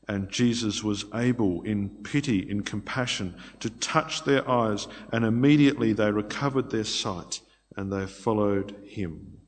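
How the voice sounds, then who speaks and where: A man preaching a sermon, expressive, swinging from loud pleading to hushed asides. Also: fairly low pitch, unhurried. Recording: long reverb of a large hall.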